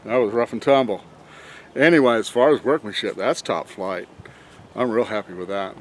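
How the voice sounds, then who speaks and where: A man's voice: lowish voice, moderate pace, slight background noise. A man casually rambling through a vlog outdoors beside his truck, chuckling and talking to himself as he works. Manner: rambling, chuckling, talks to himself while working. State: out of breath from bending over. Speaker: vlogger reviewing a truck job.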